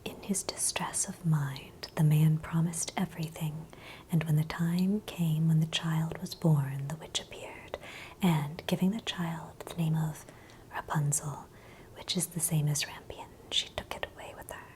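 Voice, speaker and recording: A woman telling a fairy tale as a slow, unvoiced whisper in a whispered role-play for sleep. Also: low voice, steady tone, darkish tone. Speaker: ASMR storyteller.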